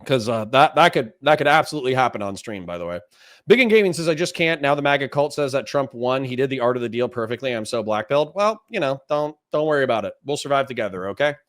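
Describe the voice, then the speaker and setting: A man's voice: medium pitch, fast talker, no room sound. Casual male streamer, dry close sound. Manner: animated, exasperated outbursts, talks to chat. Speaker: streamer reacting to a clip. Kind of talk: casual live-stream commentary.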